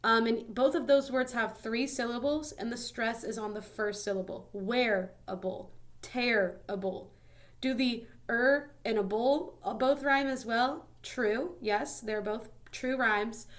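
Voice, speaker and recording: Chatty young woman teaching a lesson. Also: on the high side. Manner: chatty, filler-heavy explaining with many ums and likes. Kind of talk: casual classroom lesson.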